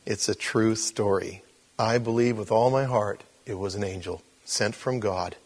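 A man's voice: lowish voice, unhurried, breathy edge. Older man telling a sermon story. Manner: animated, acts out the people in his stories. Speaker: preacher.

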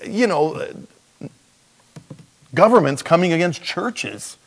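A male pastor preaching a sermon, animated, with rhetorical questions and sudden jumps in pitch. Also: a little slow. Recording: long reverb of a large hall.

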